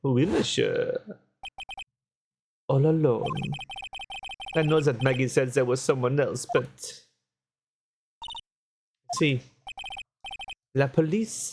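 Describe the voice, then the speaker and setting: A man's voice: fairly high pitch, background noise. A man reading a fussy, flamboyant French restaurant owner in an exaggerated put-on French accent for a video game. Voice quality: exaggerated French-accented English, sprinkled with French words. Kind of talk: reading game dialogue aloud.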